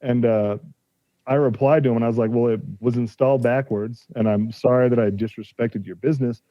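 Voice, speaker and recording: Man, 40s, mid-pitch, conversational storyteller; dry, slightly muffled recording. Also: fairly even intonation, a little fast, no room sound. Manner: retells a dispute, acting out quoted exchanges. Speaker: podcast guest, car collector. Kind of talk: casual storytelling. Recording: slightly dull, dry sound.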